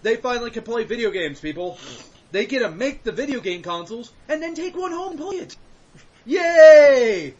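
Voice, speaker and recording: A man's voice: very high voice, big pitch swings, fast, slightly rough, highs cut off. A man hosting a casual podcast chat, joking and swearing, slipping into mocking voices. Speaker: podcast host.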